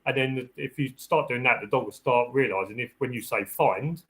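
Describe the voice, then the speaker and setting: A man's voice: mid-range voice, normal speed, fairly bright tone, rough recording. Chatty man giving dog-training tips. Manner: practical and chatty, repeats and restarts phrases; acts out the dog's thoughts in a raised voice. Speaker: security dog handler hosting a live Q&A. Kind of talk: casual live-stream advice talk.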